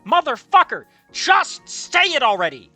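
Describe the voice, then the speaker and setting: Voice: high-pitched, big pitch swings, a little slow, pushed and bright, soft background music. Exasperated, profane fan fiction reader. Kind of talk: reading fan fiction aloud with comedic commentary.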